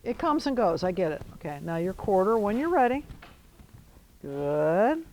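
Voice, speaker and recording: A woman riding instructor coaching a rider in an arena, giving brisk commands mixed with encouragement. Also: medium pitch, sing-song, darkish tone, slight background noise, low-quality recording.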